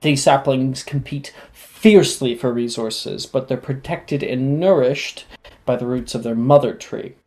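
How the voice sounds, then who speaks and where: A game master voicing a kind, slightly nervous male herbology professor, explaining in a gentle teacherly way. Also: medium pitch, a little slow, natural voice.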